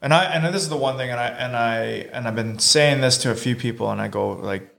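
Gravelly guy, keeps repeating himself while he works out his point, chill chat. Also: medium pitch, brisk, fairly bright tone. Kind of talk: casual chat.

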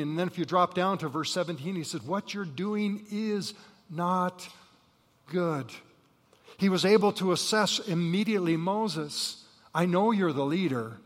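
A man preaching a sermon as pastor, telling Bible stories with lively acted voices and saying he has jet lag. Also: fairly high pitch. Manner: animated storytelling, acting out Bible figures with rising voice. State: jet-lagged. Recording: reverberant hall.

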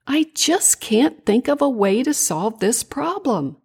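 A sweet, eager little bug girl with green hair chirps along in a high, lifted voice, as a woman puts her on. Her speech is slow and songlike, swooping up and down with every line. It is a gentle storybook character. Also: sing-song, slightly rough, heavily acted. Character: cheerful little green-haired female bug.

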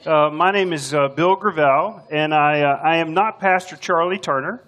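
A man's voice: on the high side, normal speed, fairly bright tone. An older man, filling in as preacher, delivering a sermon in a folksy, joking storytelling way. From Texas. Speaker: substitute preacher.

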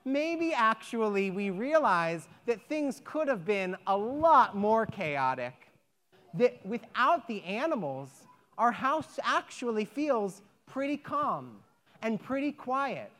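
A woman telling a folk tale to children, animated and inviting them to join in. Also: a little high, slow pace. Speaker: storyteller leading children. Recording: echoey hall.

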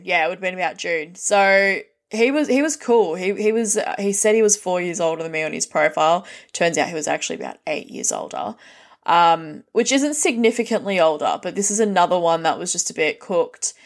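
An Australian woman hosting a podcast, telling dating stories in a blunt, casual monologue full of swearing and acted-out quotes. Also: lowish voice. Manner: blunt, heavy swearing, lively retelling with quoted dialogue. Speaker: podcast host.

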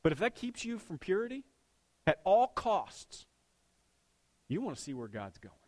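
A man preaching a sermon to his congregation, joking one moment and dropping to a near hush the next. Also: high-pitched, very animated, moderate pace. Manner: swings between punchy loud lines and hushed intimate ones. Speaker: pastor.

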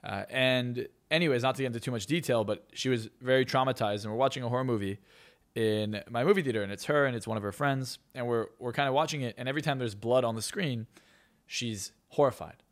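A man's voice: medium pitch, fast. A man who is a hypnotist and success coach, telling stories in a podcast interview with a boastful, self-assured manner.

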